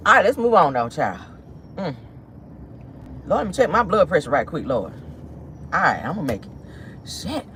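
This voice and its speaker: Sassy, animated gossip host woman. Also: low voice, brisk, a little hiss or hum. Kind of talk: casual commentary.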